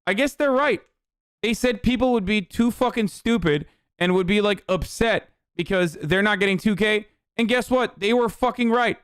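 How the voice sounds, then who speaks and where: A man's voice: sits high, moderate pace, a bit bright, smooth, dry recording, studio quality. A young man streaming political commentary, ranting bluntly with a lot of swearing and exasperation. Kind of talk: casual livestream commentary.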